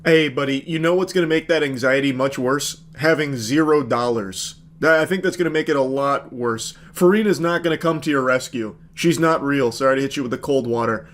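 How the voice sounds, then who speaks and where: A man's voice: medium pitch, fairly quick, hardly any pauses. A man giving sarcastic, mocking commentary as he reacts to what he reads.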